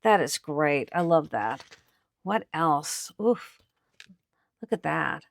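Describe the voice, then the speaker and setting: A woman's voice: deep voice, expressive, slow pace, creaky, no room sound. A woman host chatting on camera at an estate sale, showing finds to viewers with chatty enthusiasm. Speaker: antiques picker and channel host. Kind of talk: casual on-camera commentary.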